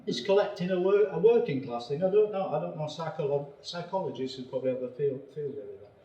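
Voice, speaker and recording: A man's voice: on the high side, expressive, fast, warm tone, dull audio. An older man from the north of England, telling comic stories in a sardonic, mock-serious way. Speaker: comic performer and poet. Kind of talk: wry stand-up storytelling. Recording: roomy, far from the mic.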